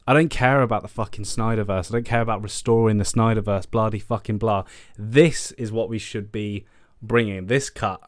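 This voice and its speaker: A man's voice: fairly low pitch, steady tone, normal speed, no echo, clean studio sound. Exasperated, swearing man. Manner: exasperated, swears often, repeats himself. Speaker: film news vlogger. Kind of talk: casual ranting commentary.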